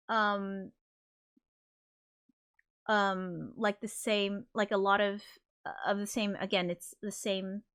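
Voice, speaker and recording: A woman's voice: mid-range voice, fairly bright tone. A woman hosting a casual livestream, flustered and apologetic as she talks, swearing under her breath. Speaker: livestream host.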